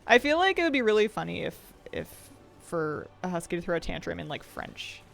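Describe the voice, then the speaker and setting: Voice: medium pitch, very animated, fairly quick, vocal fry, a bit bright. A game streamer chatting casually while playing, reading viewer questions aloud and laughing often. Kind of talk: casual chat while gaming, answering chat. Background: faint game music.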